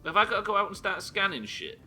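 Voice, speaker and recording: A man's voice: high voice, very animated, quick pace, sharp tone, husky, faint music behind. A young man streaming a video game live, swearing freely and chatting with viewers as he plays. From Britain. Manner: sweary, chatty, reading chat aloud. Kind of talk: live gameplay commentary.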